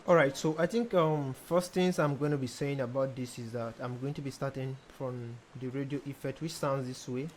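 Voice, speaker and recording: A young man, a music producer casually talking through a tutorial step by step, pausing often with ums. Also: mid-range voice. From Nigeria. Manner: relaxed, hesitant with frequent ums, explains step by step. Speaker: music producer teaching mixing. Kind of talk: casual screen-recorded tutorial.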